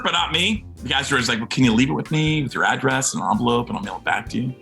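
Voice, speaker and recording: Fast, bright-voiced man telling an anecdote. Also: mid-range voice, vocal fry, soft background music. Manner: lively storytelling, acting out quotes. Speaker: actor telling a story.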